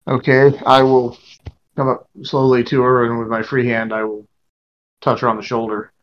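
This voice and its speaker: A man's voice: medium pitch, level tone, moderate pace, muffled recording, slight background noise. A man in a mid-range voice plays a tabletop role-playing game in casual chat. He is wry and talks through each move he makes. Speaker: player.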